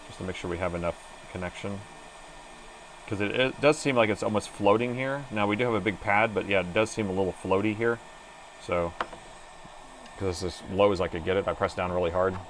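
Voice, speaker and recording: A man's voice: sits low, steady tone, brisk, background noise. A middle-aged man doing a live repair stream, chatting casually and muttering to himself as he works at his bench. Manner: chatty, thinks aloud, mutters to himself while working. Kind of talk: casual live-stream commentary while working. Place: repair workbench indoors.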